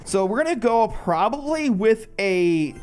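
A gaming channel host gives live, casual, excitable commentary over his own mobile game matches, frequently breaking into loud, disbelieving shouts. His voice is high and his pace measured, with soft music playing behind him.

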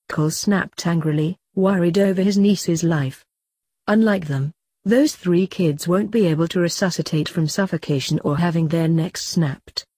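A woman reading a fanfiction story aloud at a steady, even pace, voicing both narration and dialogue. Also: lowish voice, normal speed, husky, no room sound. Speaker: fanfiction reader.

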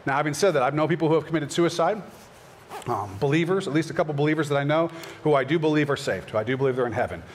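Church pastor guy doing q&a, earnest and chatty, slightly higher voice. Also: very fast, a little hiss or hum. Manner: earnest, conversational, acts out short prayers in a higher voice. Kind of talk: church Q&A session.

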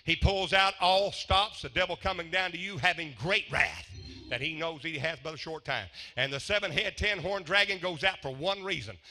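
Fiery revival preacher, a man with a bright, forceful voice. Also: a little high, normal speed, slight background noise. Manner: fiery, swings from hushed to shouting. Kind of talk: revival sermon.

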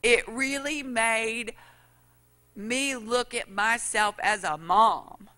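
Bright-voiced woman preaching. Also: on the high side, drawn-out words. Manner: folksy storytelling, acts out quotes. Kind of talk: sermon.

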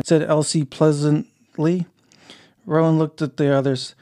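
A man narrating an audiobook in a plain, steady reading style. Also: on the high side, a little slow.

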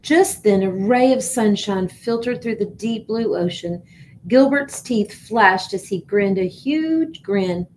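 A woman teacher reading a picture book aloud, expressive but now and then stumbling and repeating words. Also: mid-range voice, takes it slowly, slight background noise, poor audio.

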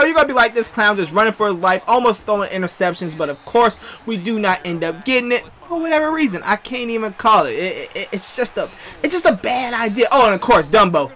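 Animated, bright-voiced young man commentating. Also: high-pitched. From US West Coast. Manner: animated trash talk, slangy, shouting at opponents. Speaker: gaming commentator. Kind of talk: casual gameplay commentary.

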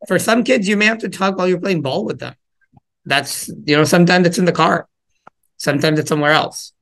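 A man's voice: high-pitched, fairly quick, vocal fry, a bit bright. Conversational man coaching parents. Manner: conversational, acts out parent and child quotes. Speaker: parenting workshop speaker. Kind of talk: casual talk to parents.

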